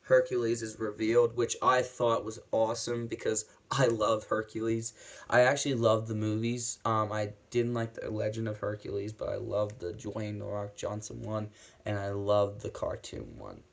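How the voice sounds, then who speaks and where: A man giving a casual spoken movie review, excitable and rambling, who swears freely and often restarts his sentences. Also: fairly low pitch, moderate pace, creaky.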